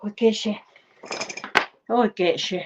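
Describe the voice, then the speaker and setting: A woman's voice: medium pitch, normal speed, background noise. Breathless chatty older Scottish woman. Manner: chatty, cheeky storyteller. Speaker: channel host. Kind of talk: casual chat. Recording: slightly dull lo-fi recording.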